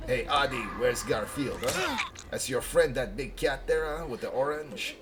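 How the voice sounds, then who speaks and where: A man's voice: medium pitch, very animated, measured pace. A man putting on a young woman with a heavy French accent, teasing in a mocking sing-song way, over a noisy background.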